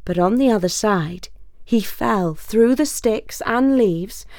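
Measured woman reading a fable. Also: mid-range voice, no echo, studio quality. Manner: measured, expressive storytelling. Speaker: storyteller. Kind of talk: scripted fable narration.

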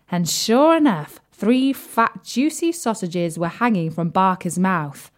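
A young woman telling a children's story in a playful, animated way, sometimes dropping to a whisper. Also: medium pitch, takes it slowly, few pauses.

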